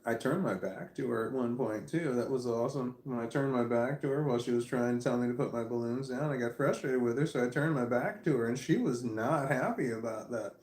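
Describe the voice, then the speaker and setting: A man's voice: mid-range voice, brisk, few pauses, a little mellow, reverberant. A man in his forties telling a long, profane anecdote in a casual, rambling way, often breaking into laughter. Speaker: vlogger. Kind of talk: casual storytelling.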